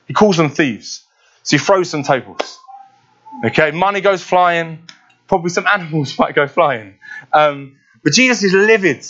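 A man's voice: a little high, a bit bright, highs cut off. A man preaching a conversational sermon who often checks in with "yeah?". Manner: conversational, keeps asking "yeah?". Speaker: pastor.

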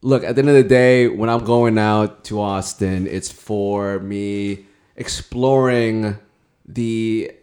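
A man's voice: lowish voice, fairly even intonation, slow, darkish tone. A young man from the Philippines, raised in Australia and California, chatting casually as a guest, laid-back and laughing easily. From Philippines, raised in Australia and Santa Barbara. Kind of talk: casual chat.

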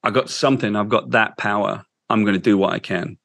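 A man, a guest in an interview, telling an emotional story in a halting, heartfelt way. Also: lowish voice, creaky, dry recording. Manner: halting, with restarts, soft and heartfelt.

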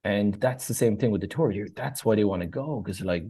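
A man's voice: fairly low pitch, fairly quick, mellow, slightly rough. A middle-aged man from Ireland with an Irish accent, a bartender chatting as a guest and telling stories with acted-out voices. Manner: chatty storyteller, acts out voices in anecdotes. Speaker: guest, bartender and tour organiser. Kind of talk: casual interview chat.

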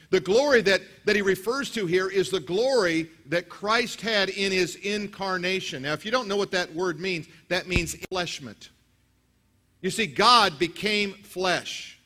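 A man preaching a sermon as pastor, telling stories with acted quotes and lively delivery. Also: high-pitched. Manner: storytelling, animated with acted quotes.

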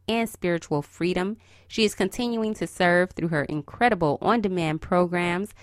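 A woman hosts a podcast with a smile you can hear, cheering her listeners on with sassy, encouraging asides. Her voice sits a little low, and the recording is close and dry. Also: dry recording. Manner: cheery, smiling voice. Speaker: podcast host. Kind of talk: upbeat podcast intro and interview.

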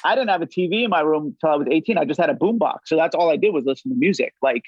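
A man's voice: fairly high pitch, animated, very fast, dull audio, a crowd in the background. A middle-aged man from the Los Angeles area, chatting casually as a podcast guest in a rambling way, full of restarts and swearing. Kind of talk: casual chat.

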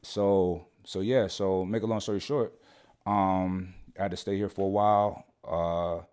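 A man with a low, deep voice tells a story on a podcast. His talk is loose, slangy and full of swearing, and he keeps checking in with his listeners. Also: fairly even intonation, unhurried, a little mellow, clear, resonant tone. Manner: slangy and profane, keeps saying "you know what I'm saying". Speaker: podcast guest. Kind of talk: casual storytelling.

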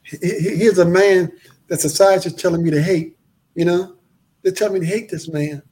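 A man telling his life story in a casual interview, animated and acting out the voices of the people in it. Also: sits high, moderate pace. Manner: animated, acts out quoted voices, repeats phrases.

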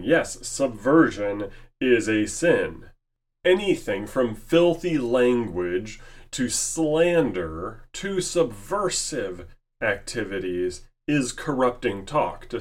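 A man preaching a sermon in a deliberate manner, posing rhetorical questions to his listeners. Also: medium pitch.

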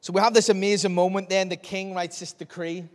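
Animated preacher man. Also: sits high, brisk. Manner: animated storytelling, acting out Bible scenes. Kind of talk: sermon. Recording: long reverb of a large hall.

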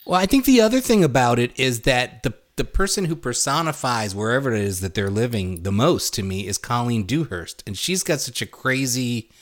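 A man co-hosts a podcast in casual chat, his pitch swinging widely as he talks. He is opinionated and sprinkles in swearing. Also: normal speed, few pauses. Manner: animated, opinionated, prone to swearing. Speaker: podcast co-host.

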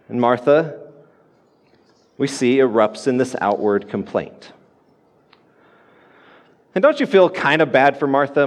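A man's voice: medium pitch, very animated, measured pace, pauses often, big-room sound. A man preaching a sermon as pastor, earnest and repeating his key points for emphasis.

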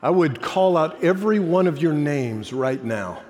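Male pastor, fairly high voice, storytelling sermon, swells then hushes, echoing church hall. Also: animated, unhurried. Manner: storytelling, rising to impassioned emphasis then dropping soft. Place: church sanctuary. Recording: long hall reverb.

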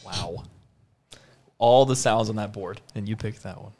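A man's voice: lowish voice, measured pace, music in the background. Chatty teasing man. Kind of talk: casual chat.

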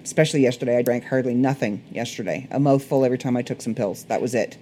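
A woman with a Canadian accent, a little hoarse, rambling through a casual solo podcast chat. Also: extremely low pitch, quick pace, mellow, a little hiss or hum. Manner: rambling, chatty, self-correcting. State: slightly hoarse. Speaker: podcast host.

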